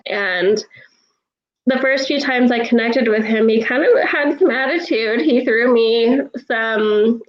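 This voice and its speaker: A woman's voice: on the high side, muffled recording. A woman who is an animal communicator, telling stories in a casual interview and laughing often.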